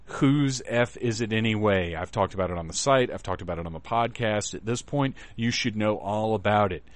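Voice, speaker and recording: A man hosting a podcast, talking in an excited, profane and rambling way, often restarting his sentences. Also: on the low side. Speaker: podcast host. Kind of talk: casual podcast announcements.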